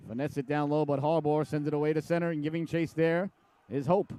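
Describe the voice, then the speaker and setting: Male hockey play-by-play caller, middle-aged, slightly high voice, dry close sound, jokey tangent-prone delivery. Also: little pitch movement, quick pace, mellow, smooth, no echo. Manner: chatty, jokey, wanders into personal tangents; voice jumps up sharply on shots and saves. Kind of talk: live hockey play-by-play commentary.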